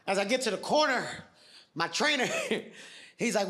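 A man doing animated stand-up storytelling with shouted bits. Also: high-pitched, fairly quick. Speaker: stand-up comedian. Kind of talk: stand-up set. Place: theater stage with audience. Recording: stage mic with loud audience laughter.

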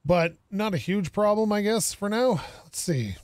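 A man's voice: high-pitched, expressive, measured pace, no echo, clean studio sound. A man streaming a game, casually thinking aloud and joking with the characters on screen. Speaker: gaming streamer. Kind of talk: casual gameplay commentary.

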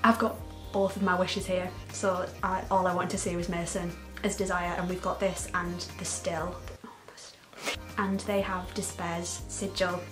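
A woman giving an excited, unscripted reaction to a trailer, gushing, laughing often and close to tears. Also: lowish voice, normal speed, over music. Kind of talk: casual, unscripted reaction commentary.

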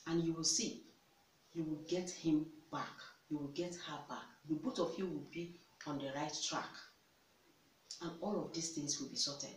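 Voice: mid-range voice, steady tone, normal speed. A relationship advice vlogger giving instructive counsel, emphatic, repeating key words and posing rhetorical questions. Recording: echoey room, distant mic, faint hiss.

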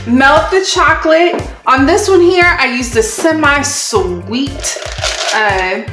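Slow-talking woman hosting a cooking show. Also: high voice. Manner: chatty, admiring her own work. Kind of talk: casual cooking demonstration. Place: kitchen. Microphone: far from the camera mic. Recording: echoey room, distant mic, background music.

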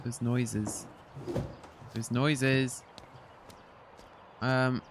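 A man's voice: mid-range voice, steady tone, drawn-out words, pauses often, noisy background. Jumpy young man playing a horror game. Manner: jumpy, swears and yells when startled. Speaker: gaming streamer. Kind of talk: horror game let's-play commentary.

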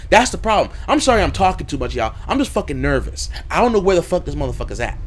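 A man hosting a horror game let's play, talking profanely and nervously, yelping and shouting when scared. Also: high-pitched, very animated, fast talker, hardly any pauses, a little hiss or hum. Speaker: gaming video host.

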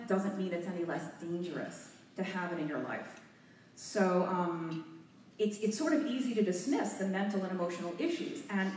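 A nervous, out-of-breath woman giving an animated talk to a live audience in a hotel meeting room, using a handheld mic. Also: medium pitch, a little hiss or hum. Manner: animated, laughing, a bit nervous. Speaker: guest speaker. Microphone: handheld mic, recorded from far off. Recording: echoey room from far off.

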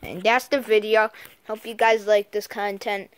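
A female host giving casual commentary on a toy fight, halting and repeating herself as she goes. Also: medium pitch, level tone, clean tone, dry recording. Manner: halting, repeats "and then" often. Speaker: video host.

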